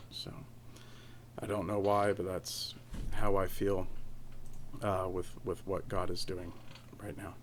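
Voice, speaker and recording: Slow and deep, with little pitch movement, a man rambles on his casual solo podcast from home. He keeps restarting and filling gaps, and there is slight background noise.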